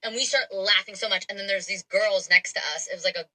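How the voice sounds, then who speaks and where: A woman's voice: mid-range voice, fast talker, rough recording. A young woman telling a dating story in a casual, chatty way, full of fillers. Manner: chatty, animated, frequent fillers. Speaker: storyteller in a played clip.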